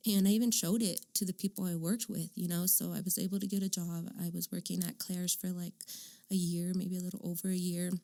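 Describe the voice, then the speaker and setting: A woman's voice: fairly low pitch, flat delivery, fairly quick, gravelly, warm tone. A woman in her thirties from Arizona, candidly telling her life story in an interview, with lots of "um" and "like". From Arizona, United States. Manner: candid, frequent "um" and "like". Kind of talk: personal storytelling.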